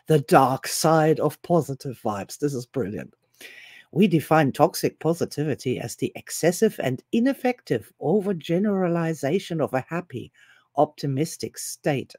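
Woman host, mellow tone, wry and sarcastic, reading sources aloud; dry close recording. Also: sits low, dry recording. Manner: deliberate, with pauses and hesitations. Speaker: self-help author and video host. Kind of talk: solo commentary reading web pages aloud.

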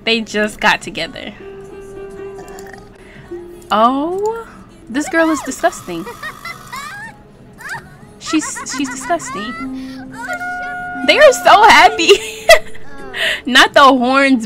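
Young woman let's-player, high-ish voice, chatty and teasing, game music low underneath. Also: big pitch swings, very slow, long pauses. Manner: chatty and playful, laughs often, reads in-game text aloud; casual slang and swearing. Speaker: let's play gamer. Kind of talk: casual gameplay commentary.

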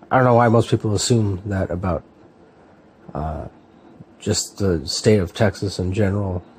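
A man in his thirties from California, chatting casually in a relaxed, hesitant way with lots of fillers and restarts. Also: low-pitched, a little hiss or hum. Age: 30s. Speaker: book vlogger. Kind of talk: casual chat, answering a tag.

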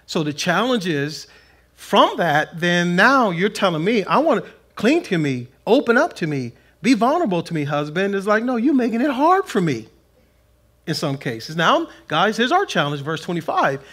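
A man preaching a conversational sermon in a plain-spoken, folksy way, swinging between loud emphasis and soft asides. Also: high-pitched, very animated, moderate pace, breathy edge. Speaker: pastor. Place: church sanctuary.

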